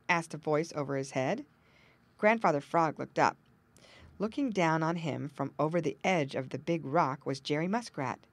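A woman narrating a children's storybook aloud with expressive storytelling emphasis. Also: low voice, no echo. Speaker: audiobook narrator.

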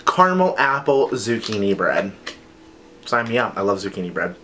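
A man's voice: lowish voice, big pitch swings, normal speed, bright, forceful tone, a little hiss or hum. A man chatting enthusiastically and playfully as he reviews scented wax melts in a casual haul video.

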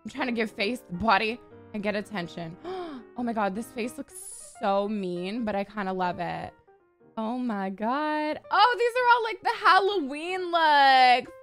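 A young woman giving sassy, profane, excitable gameplay commentary, gasping often as she plays. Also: a little high, unhurried, faint music behind. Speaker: gaming YouTuber.

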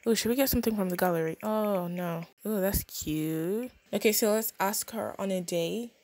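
A young woman casually narrating a life-sim game, chatty and expressive with quick reactions. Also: medium pitch, a little hiss or hum. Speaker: gaming channel host.

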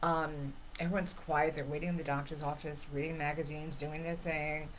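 Middle-aged woman, co-host, animated storyteller, lower voice, faint room hum behind. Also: moderate pace, poor audio. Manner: animated, laughs while telling stories, acts out quotes. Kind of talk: casual chat, storytelling.

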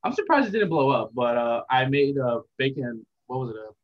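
A young man giving a casual interview as a content creator, talking in a relaxed, rambling, reflective way. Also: medium pitch, fairly quick. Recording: dull lo-fi sound.

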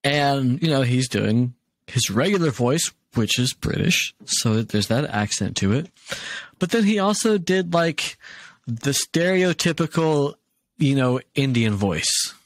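A man co-hosting a casual podcast, laughing often and retelling comedy bits with lively asides. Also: mid-range voice, unhurried, no room sound. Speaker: podcast co-host. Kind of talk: casual chat.

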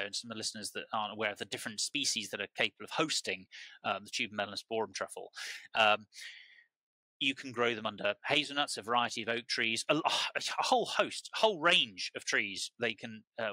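Man, British accent, podcast guest, very bright voice, rambling animated storytelling, lots of restarts, dry close sound. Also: medium pitch, no room sound, rough recording. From United Kingdom. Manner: rambling and animated, with many restarts and repeated words. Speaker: truffle grower, podcast guest. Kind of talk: casual conversational storytelling.

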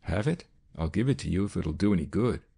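A man voicing a booming, blustering businessman in an audiobook. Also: lively intonation, a little fast, vocal fry, mellow, breathy edge, heavily acted. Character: booming, deep-voiced older businessman.

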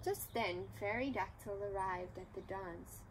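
A woman reading a children's storybook aloud in an unhurried, expressive manner. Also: mid-range voice, a little hiss or hum, poor audio. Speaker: storybook reader.

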